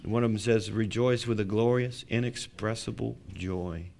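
A man's voice: lowish voice, fairly even intonation, moderate pace, creaky, a little mellow, slight background noise. A man preaching a sermon as pastor, building to emphatic declarations.

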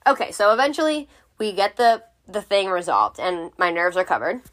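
A woman's voice: mid-range voice, big pitch swings, moderate pace, fairly bright tone. A young woman telling a storytime vlog in a blunt, exasperated, profane way. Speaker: vlogger.

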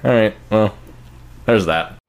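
A man's voice: lowish voice, slow pace. Laid-back podcast host guy, jokey, swears a lot, faint noise behind. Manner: loose, joking, swears freely. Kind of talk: casual podcast banter.

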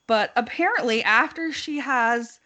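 Giggly chatty woman, higher voice. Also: unhurried, pushed and bright. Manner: giggly, chatty, laughs often while retelling. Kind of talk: casual chat.

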